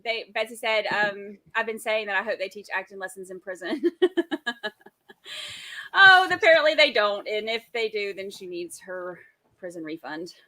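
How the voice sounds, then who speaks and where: A woman's voice: mid-range voice, sing-song, moderate pace, sharp tone, dry recording. A woman co-hosting a casual true-crime chat, often exasperated and laughing. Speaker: co-host.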